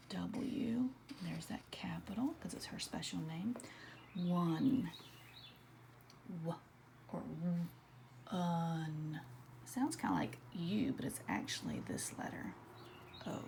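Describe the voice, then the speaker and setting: A woman teaching an early-grade writing lesson, slowly sounding out letters and words in a soft, often whispered voice. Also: on the low side, gravelly, slight background noise. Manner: slow, patient, sounding out letters.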